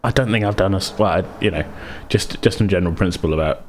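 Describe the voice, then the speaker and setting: Brief: deep-voiced male game-master host, hesitant, stop-start delivery. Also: quick pace, a little mellow, a little hiss or hum. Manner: hesitant, many restarts and fillers. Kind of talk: casual chat about worldbuilding for a tabletop game.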